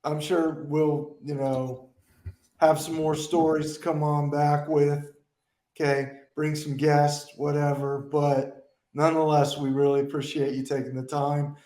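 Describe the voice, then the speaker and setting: Male podcast host, slow relaxed delivery, echoey room. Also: on the high side. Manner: relaxed, thanking guests. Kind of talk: casual podcast sign-off.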